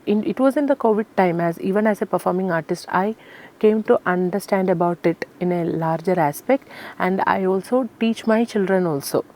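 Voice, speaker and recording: A woman's voice: mid-range voice, moderate pace, darkish tone. A woman from Kerala, a Carnatic singer answering interview questions in an earnest, explanatory way with many fillers. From Kerala, India.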